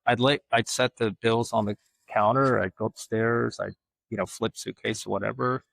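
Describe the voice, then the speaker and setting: A low, gravelly man in his fifties, chatting as an interview guest. He rambles through self-mocking stories and acts out the voices of the people in them. The sound is dry and close. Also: steady tone, normal speed, a bit bright, dry recording, rough recording. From Alabama. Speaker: guest artist. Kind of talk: casual interview chat.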